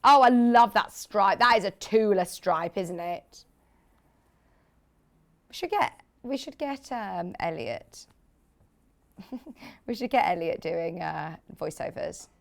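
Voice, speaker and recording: Brief: woman TV shopping presenter, enthusiastic and chatty, banters with crew, mid pitch. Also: animated, slow pace, gravelly, pauses often. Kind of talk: live TV sales presentation.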